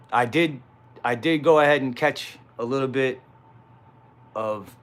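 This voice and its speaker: A man's voice: mid-range voice, fairly bright tone. A young man talking casually on a livestream, rambling and swearing with self-mocking laughs. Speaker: live streamer.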